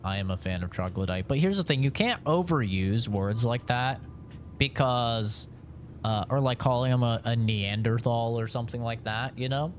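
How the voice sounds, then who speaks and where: A man's voice: medium pitch, moderate pace, faint music behind. A man streaming a game, chatting casually and rambling with jokes to his viewers. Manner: rambling, joking, talks to chat. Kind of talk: casual gameplay chat.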